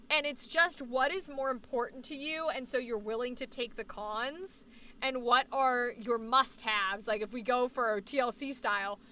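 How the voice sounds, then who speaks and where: Reading viewer comments on her livestream, a young New Englander chats casually about the places she likes to live. Her voice sits high and carries a faint Boston accent, since she was born in Boston and grew up on the New Hampshire border. She talks in animated, rapid bursts and drifts off into fillers.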